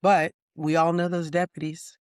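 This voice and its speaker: Woman ex-deputy telling stories, steady and plain, dead dry sound. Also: sits low, normal speed, dry recording. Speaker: retired sheriff's deputy, podcast host. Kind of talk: casual storytelling chat.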